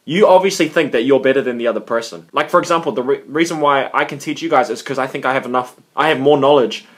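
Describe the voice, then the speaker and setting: Fast-talking animated young man vlogging. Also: medium pitch. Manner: animated, swearing, acts out quoted reactions. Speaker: gaming coach and video creator. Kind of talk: casual vlog monologue with advice.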